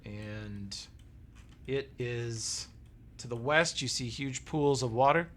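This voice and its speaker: A man's voice: mid-range voice, slow pace. Guy running a tabletop game, laid-back, describes rooms and loot. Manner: relaxed, descriptive, checks in with players. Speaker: game master.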